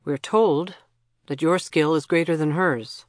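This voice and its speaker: A storybook narrator voicing a grown man, a calm council official who speaks in a measured, composed way. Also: medium pitch, no echo, studio quality, close to an everyday voice.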